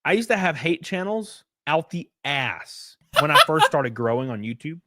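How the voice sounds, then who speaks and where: A man's voice: a little high, very animated, moderate pace, sharp tone. A man talking as a YouTuber in a commentary clip, with a dismissive, offhand manner.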